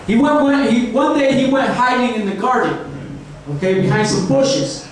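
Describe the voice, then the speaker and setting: A man's voice: very high-pitched, moderate pace. A man doing crude, rambling stand-up comedy, checking in with the crowd with a constant "right?". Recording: echoey room from far off, faint noise.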